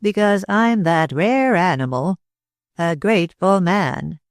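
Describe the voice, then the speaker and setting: A man voicing a talkative older man with an American accent, speaking slowly and dryly in a drawl. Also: high voice, clear, resonant tone, no room sound. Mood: cool. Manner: drawling, slow and dry.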